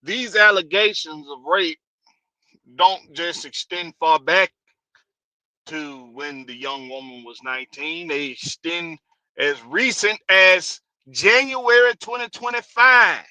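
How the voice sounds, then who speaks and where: Hyped male host, high voice, dry close sound. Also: slow pace, sharp tone, dry recording, low-quality recording. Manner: hyped, drawling, repeats phrases. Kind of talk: casual livestream show opening.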